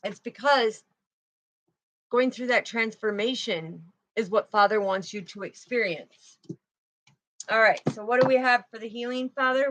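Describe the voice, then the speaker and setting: A woman's voice: fairly high pitch, a little slow, a bit bright. A woman giving a casual spiritual tarot reading, rambling and often tagging her lines with "right?" and "okay.". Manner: repeats words when restarting. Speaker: intuitive tarot reader.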